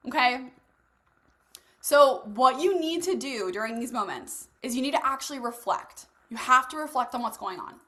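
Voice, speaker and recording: High-voiced blunt woman coaching a group. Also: expressive, normal speed, bright, forceful tone. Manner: casual and blunt, swears freely, talks straight to the group. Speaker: host leading a live masterclass. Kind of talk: motivational coaching talk.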